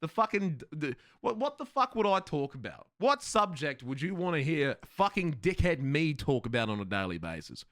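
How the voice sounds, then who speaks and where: A man streaming live, chatting loosely with his viewers and laughing between lines. His voice climbs and drops in a lively way, with a slight lisp and words that slur now and then. The sound is dry and close, with no room echo. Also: a little high, normal speed, hardly any pauses. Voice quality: slight lisp, slurs at times. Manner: animated, profane, laughs often. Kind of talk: casual livestream chat with viewers.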